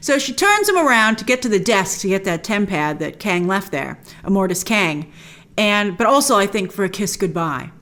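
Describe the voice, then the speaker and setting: A woman's voice: medium pitch, very animated, moderate pace, fairly bright tone. A woman hosting a TV episode recap, talking with gushing enthusiasm and retelling scenes in a chatty, casual way. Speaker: host.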